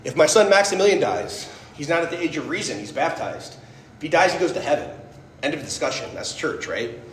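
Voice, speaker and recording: A man's voice: on the high side, expressive, a little fast, a little hiss or hum. Chatty man in his thirties, echoey hall. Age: 30s. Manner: conversational, storytelling, frequent "like" and "right?". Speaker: speaker giving a faith talk. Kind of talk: personal testimony talk.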